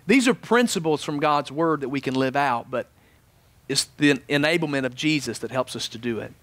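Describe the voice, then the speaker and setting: A man preaching a sermon as pastor, animated in his stories and dropping soft and low for prayer. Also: normal speed, dry recording. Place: church sanctuary.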